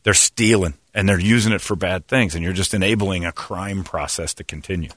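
A man's voice: deep voice, brisk, fairly bright tone, no echo, clean studio sound. A man hosting a casual radio talk show, blunt and opinionated, laughing often. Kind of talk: casual banter on air.

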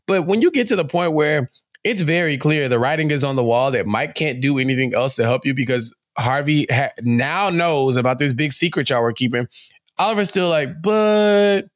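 A man co-hosting a podcast, recapping a TV episode in casual chat, animated and sassy, scolding the characters directly. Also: medium pitch, fairly quick, no echo, studio quality. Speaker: podcast co-host.

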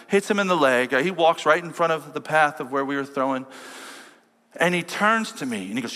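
Preaching pastor in a big reverberant hall. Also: male voice, lively intonation, normal speed, pauses often. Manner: storytelling, swings from loud preaching to low quiet lines. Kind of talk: sermon. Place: large church hall. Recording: long church-hall reverb.

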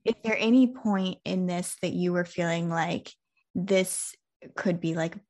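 A woman hosting a podcast, asking relaxed questions that hesitate, with many fillers. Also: fairly low pitch, unhurried. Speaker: podcast host. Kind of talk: casual interview.

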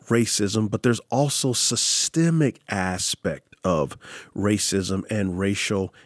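Animated storytelling pastor, deep voice. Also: male voice, no echo, clean studio sound. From San Antonio, Texas. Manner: animated storyteller, acts out quotes. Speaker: pastor and author. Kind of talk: storytelling in an interview.

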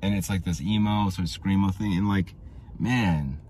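A man with a very low voice and a gravelly vocal fry rambles through his own podcast. He drifts from story to story in an offhand, casual way, and a faint hiss of noise sits under his voice. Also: normal speed, darkish tone. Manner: rambling, tangent-prone storytelling. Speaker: podcast host.

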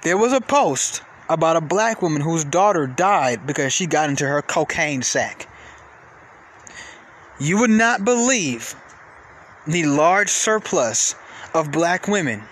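Man ranting with wildly swinging pitch. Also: slow pace, long pauses, a little hiss or hum. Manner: animated, profane, repetitive, with sudden pitch jumps. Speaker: podcast host. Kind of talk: casual rant.

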